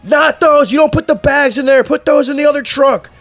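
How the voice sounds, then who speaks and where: A man imitating his older male boss, who barks orders in a loud, shrill yell. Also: a little fast, creaky, no room sound, faint music behind, full character voice. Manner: yelling, barking orders. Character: shouting older male boss, bossy and abrasive.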